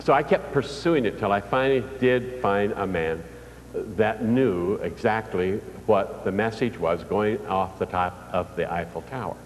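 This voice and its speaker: A man's voice: fairly low pitch, a little slow, slight background noise. Older man telling stories in a big hall. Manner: folksy storytelling with audience questions. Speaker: motivational speaker. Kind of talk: live motivational speech. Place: large hall before an audience. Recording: distant reverberant hall recording.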